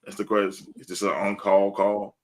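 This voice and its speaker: A man co-hosts a casual sports podcast over a live stream podcast mic, talking bluntly with plenty of profanity and laughing often between lines. His voice is fairly low, level, a little mellow, at a normal speed.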